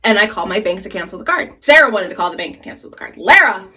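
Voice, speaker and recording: A young woman telling stories while doing her makeup, animated and swearing freely, jittery on caffeine. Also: medium pitch, fast talker. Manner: animated, swearing, laughing often, squealing when excited. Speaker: beauty vlogger. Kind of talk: chatty get-ready-with-me storytelling.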